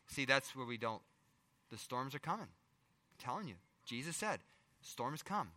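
A middle-aged male pastor preaching a sermon, firing rhetorical questions and swinging between loud emphasis and hushed asides. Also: medium pitch, very animated, a little slow, long pauses, long reverb tail.

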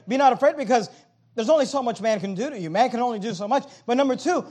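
A man's voice: very high-pitched, fast. A man preaching a sermon, reading scripture aloud and asking and answering questions with emphatic, swinging delivery. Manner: reads scripture aloud, swings between loud and soft.

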